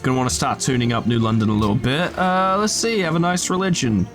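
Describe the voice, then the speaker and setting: A man's voice: mid-range voice, fast talker, music in the background. Joking, sweary male gamer. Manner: joking, sweary, talks to the game units. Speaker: gaming video host. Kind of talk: casual let's play commentary.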